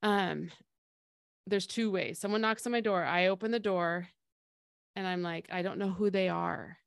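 A middle-aged woman co-hosting a casual podcast speaks a little slowly, her lowish voice gravelly yet smooth with fairly even intonation. She explains feelings through everyday analogies in a conversational way and acts out quoted voices, all in clean, echo-free studio sound.

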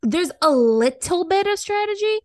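A woman's voice: extremely high pitch, lively intonation, moderate pace, darkish tone, no echo, clean studio sound. A young woman co-hosting a casual podcast chat, chatty and laughing easily with slangy talk. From upstate New York. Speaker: podcast co-host.

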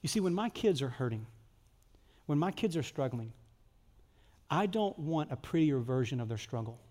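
A man preaching a conversational sermon, acting out prayers and shifting from lively, loud stretches to soft, intimate ones. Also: fairly high pitch, moderate pace, in a large hall. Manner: conversational, acts out prayers and dialogues, drops to soft intimate tones. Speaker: pastor.

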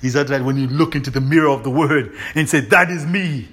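A man preaching a sermon, peppering it with call-and-response questions, laughter and exuberant shouts. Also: medium pitch, a little fast.

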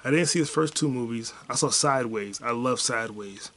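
Young guy podcast host rambling about a movie, mid pitch, chill, swears a bit. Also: fairly quick, bright, forceful tone. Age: young adult. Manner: rambling, profane, laid-back. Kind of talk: casual movie review chat.

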